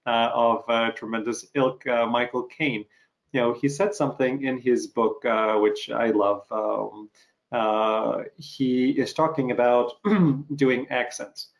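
A man with a gravelly, creaky voice at a middle pitch hosts an interview. He rambles into his question and keeps pausing to search for words. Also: fairly even intonation.

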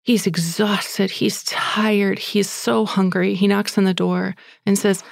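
A woman's voice: medium pitch, flat delivery, slow pace, creaky, no room sound, studio quality. A woman hosting a podcast who retells a story in a chatty, breathless way, with fillers like "like" and "you know". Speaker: podcast host. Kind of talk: casual storytelling.

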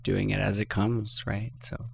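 A man's voice: fairly low pitch, level tone, measured pace, gravelly, breathy edge, no echo. A man with a Canadian accent hosting a casual interview, laid-back with short reactions. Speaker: interview host.

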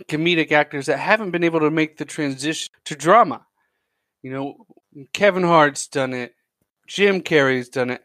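A man's voice: fairly high pitch, a bit bright, no room sound, studio quality. A man hosting a podcast in a casual, chatty, enthusiastic monologue, often restarting his sentences. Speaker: podcast host.

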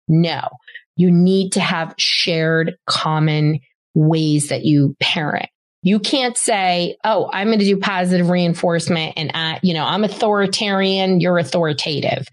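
A middle-aged woman, a doctor and host, giving casual parenting advice with emphatic repeated words for stress. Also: fairly low pitch. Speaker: podcast host and child behavior doctor.

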